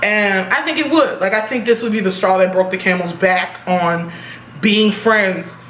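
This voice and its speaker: A young woman casually reviewing a TV episode, animated and profane, laughing at her own reactions. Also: medium pitch, moderate pace. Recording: echoey room with faint noise.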